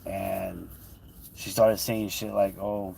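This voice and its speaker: Man, low voice, profane, heated storytelling, livestream, slightly distant mic. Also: normal speed, darkish tone, slight background noise. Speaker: livestream host.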